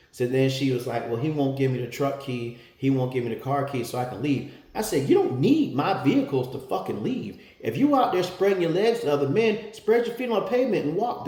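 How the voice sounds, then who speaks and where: A man's voice: medium pitch, creaky, darkish tone, echoey room. A man telling a story in casual, blunt, profane talk, getting heated as he retells an argument. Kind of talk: casual first-person storytelling.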